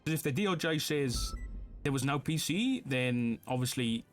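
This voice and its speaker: A man's voice: mid-range voice, expressive, normal speed, soft background music. A man playing a police officer in a roleplay discussion, arguing points and playing devil's advocate. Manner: argumentative, plays devil's advocate.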